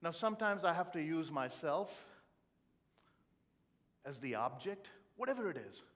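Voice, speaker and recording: Man giving an expressive motivational talk. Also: fairly high pitch, unhurried. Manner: expressive, storytelling, humorous. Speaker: motivational keynote speaker.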